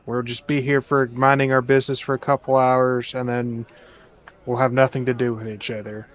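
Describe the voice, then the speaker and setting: A man playing in a tabletop game, talking in a calm, even way. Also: medium pitch, moderate pace. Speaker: player. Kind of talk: casual tabletop role-play.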